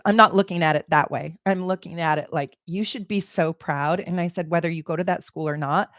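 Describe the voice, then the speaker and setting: A middle-aged woman, an astrologer, telling a personal story in an animated, emotional way, laughing and exclaiming. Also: lowish voice, no room sound, studio quality. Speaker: astrologer and channel host. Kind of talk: casual personal storytelling to camera.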